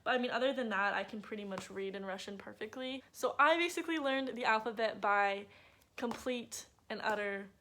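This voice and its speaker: A woman's voice: on the high side, a little fast, pushed and bright. A young woman, a native English speaker, chatting casually to camera in a bubbly vlog with lots of filler words. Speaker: vlogger.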